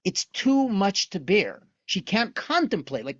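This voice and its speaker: A man giving an online lesson on Jewish texts. He tells the story in an animated way and asks many rhetorical questions. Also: high-pitched, unhurried, few pauses, dry recording, highs cut off.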